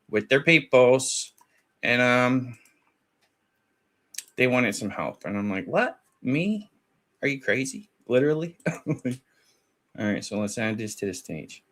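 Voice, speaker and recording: A man's voice: fairly low pitch, a bit bright. Man, casual commentary host, chatty, laughs a lot, acts out quotes. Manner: chatty, laughing, retells chats in quoted voices.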